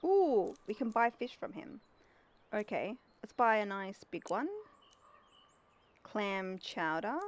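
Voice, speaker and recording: Young woman streaming a game, chatty, reads chat out loud. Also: medium pitch, takes it slowly, pauses often, low-quality recording. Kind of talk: casual game commentary.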